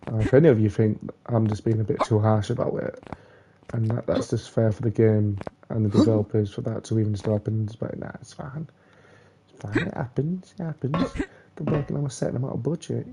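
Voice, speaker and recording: A young man swearing and ranting angrily while commenting on his own gameplay, muttering curses under his breath between louder complaints. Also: on the low side, fairly even intonation, fast, noisy background. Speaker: gamer playing a platform game.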